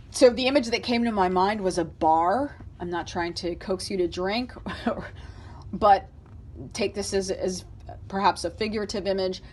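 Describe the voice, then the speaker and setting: Female tarot reader, mid-pitched voice, emphatic and repetitive, chatty asides to spirit. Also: a little hiss or hum. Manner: emphatic, repeats herself, talks to spirit aloud. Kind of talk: casual tarot reading to camera.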